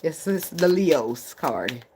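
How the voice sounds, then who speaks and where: A woman's voice: sits low, lively intonation, slow, background noise. A woman giving a casual livestream tarot reading, blunt and profane, often breaking into laughs. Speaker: tarot reader.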